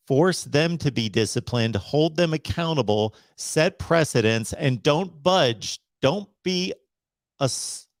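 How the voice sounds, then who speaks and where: A middle-aged man with a slightly high voice hosts a college football call-in livestream, delivering a casual monologue with no echo. He's emphatic and preachy, slowing down to stress his points.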